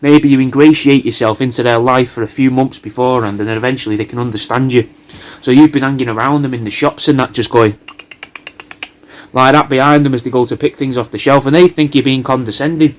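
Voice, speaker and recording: A man's voice: medium pitch, steady tone, fairly quick. A man delivering a rambling, sweary comic monologue full of absurd tangents and slang, as a personalised video message.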